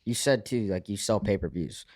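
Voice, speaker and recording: A man's voice: on the low side, moderate pace, a little mellow, no echo, clean studio sound. A man hosting a podcast, chatting casually with swearing and jokes. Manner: casual, profane, joking. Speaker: podcast host. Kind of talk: casual chat.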